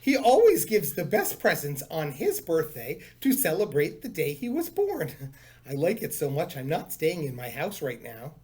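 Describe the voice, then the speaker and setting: Man voicing a courteous, gentle panda bear. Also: a little high, huge pitch swings, normal speed. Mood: polite.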